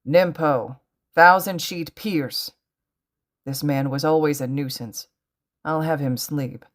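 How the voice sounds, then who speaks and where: A woman's voice: low-pitched, slow pace. A woman doing a clipped, stern ninja hero. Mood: cold. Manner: clipped, matter-of-fact.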